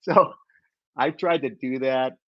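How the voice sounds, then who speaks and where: Middle-aged man, lively storyteller, dry close sound, slightly dull audio. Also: medium pitch, takes it slowly, no room sound. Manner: animated, acts out quoted voices with laughs. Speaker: guest. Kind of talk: storytelling in a podcast interview.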